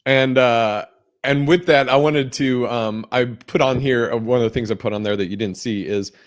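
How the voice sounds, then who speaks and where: A man hosting a podcast, talking loosely and circling around his questions with plenty of fillers and the odd curse. His voice sits at an ordinary middle pitch. The sound is close and dry, with no room around it. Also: normal speed, no room sound. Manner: rambling, filler-heavy, swears casually. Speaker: podcast host. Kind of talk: casual podcast chat.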